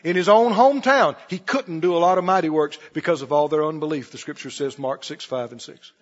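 A man preaching a sermon, swinging between soft asides and loud exclamations. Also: fairly high pitch, fairly quick. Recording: reverberant hall, dull lo-fi sound.

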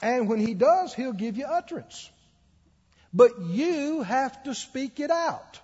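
A preacher delivers his sermon in a high, slightly husky voice, acting out the people in his stories. The recording is muffled, and a long echo hangs in the church hall. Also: takes it slowly. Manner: animated storytelling with acted-out quotes and laughter. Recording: dull echoey church hall.

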